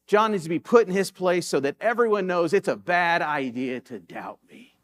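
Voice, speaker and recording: A man with a fairly high voice preaches in a church sanctuary. He talks like he's chatting with the congregation, then lifts into sudden emphatic bursts to drive a point home. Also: lively intonation, normal speed, a bit bright. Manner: conversational storytelling with sudden emphatic rises. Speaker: pastor. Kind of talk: sermon.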